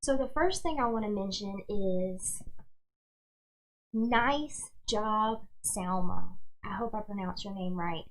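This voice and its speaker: A woman's voice: mid-range voice, slow pace, poor audio. A young woman hosting a casual livestream who tells stories in a chatty way, full of "like" and "y'all". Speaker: host and tarot reader.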